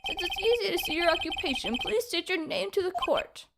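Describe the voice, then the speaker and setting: A woman's voice: very high voice, animated, fairly quick, very noisy, voice pushed up. A woman voicing a haughty young female prosecutor with a cold, clipped, scornful delivery. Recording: loud game music behind.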